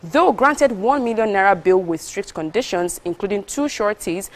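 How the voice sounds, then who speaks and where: A woman co-hosting a morning TV entertainment news segment, reading stories briskly and teasing her co-host between items. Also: medium pitch, animated. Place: TV studio.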